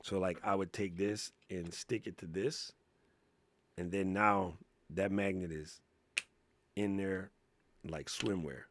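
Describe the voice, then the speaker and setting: A man hosting a casual live Q&A, talking in a slangy, excitable way and laughing often. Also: low voice, slow pace, long pauses. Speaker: livestream host.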